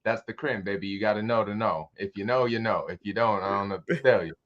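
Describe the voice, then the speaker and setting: A man's voice: fairly low pitch, fast talker, muffled recording. A man chatting as a podcast guest with blunt, teasing banter. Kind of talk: casual chat.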